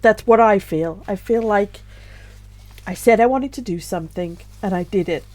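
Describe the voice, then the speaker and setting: A middle-aged woman, tearful, talking softly and reflectively to camera in a personal vlog as a self-published author. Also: mid-range voice, normal speed. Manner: soft, reflective, with sighs and little laughs.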